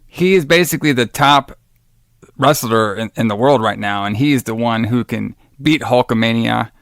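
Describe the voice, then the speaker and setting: A man's voice: medium pitch, moderate pace, gravelly, a bit bright, clear, resonant tone, no room sound, studio quality. A man co-hosting a casual podcast, rambling with lots of fillers and enthusiastic about old wrestling shows. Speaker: podcast co-host.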